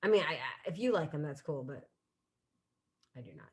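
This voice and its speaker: A woman in her thirties hosts a solo comedy livestream from a home room with a bookshelf. Her voice sits low with a darkish tone, animated and fairly quick. She chats casually and laughs at herself.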